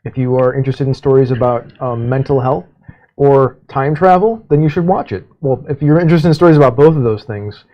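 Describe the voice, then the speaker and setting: A podcast host chats casually, rambling easily and dropping fillers along the way. His mid-range voice moves a little fast, and the lo-fi recording sounds dull.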